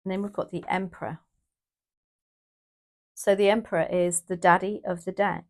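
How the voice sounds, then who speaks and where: A woman's voice: on the low side, fairly even intonation, normal speed. A woman from the UK doing a casual, emotional tarot reading, rambling with restarts and exclamations. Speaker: tarot reader.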